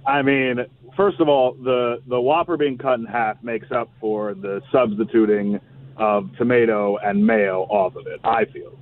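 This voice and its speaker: A man phoning in from a drive-thru, his voice thin and tinny through the phone line with a faint hiss behind it. He talks in a dry, halting way, repeating words as he goes. His pitch is ordinary and middle-range. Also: steady tone. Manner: dry, slightly hesitant, stumbles over words. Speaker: radio co-host calling in from a drive-thru. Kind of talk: casual on-air banter.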